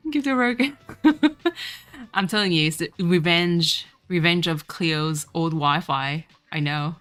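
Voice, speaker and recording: A woman's voice: lowish voice, slow pace, long pauses, fairly bright tone. A woman streamer who grew up in France, speaking French as her first language, chatting casually with her viewers over gameplay and laughing often. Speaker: streamer playing a game. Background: faint game music.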